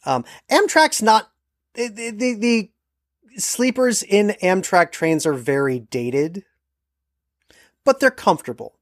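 A podcast co-host telling a travel anecdote in casual chat, acting out the quoted lines with lively energy. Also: mid-range voice, slow, long pauses, no echo, studio quality.

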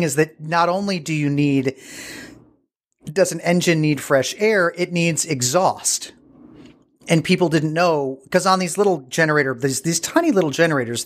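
A man's voice: fairly high pitch, normal speed. Man telling a rambling story. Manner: digressive, searching for words mid-sentence. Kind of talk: casual storytelling.

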